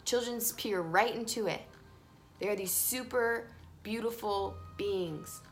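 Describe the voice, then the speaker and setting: A woman giving a casual, emphatic tarot reading, swinging between soft and loud. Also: mid-range voice, slow pace. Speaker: tarot reader. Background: faint playlist music.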